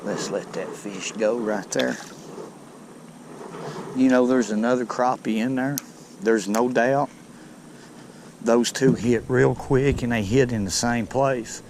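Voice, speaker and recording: A man's voice: mid-range voice, fairly even intonation, slow, long pauses, darkish tone, a little hiss or hum. A man hosting a fishing video, chatting in a folksy way from a boat by some docks and talking to the fish he catches. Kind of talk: casual outdoor fishing commentary.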